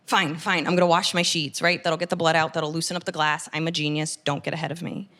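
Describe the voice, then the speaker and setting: A woman in her thirties performing a stand-up comedy set, telling a story fast and animated, with loud shouted punchlines. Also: deep voice. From United States. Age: 30s.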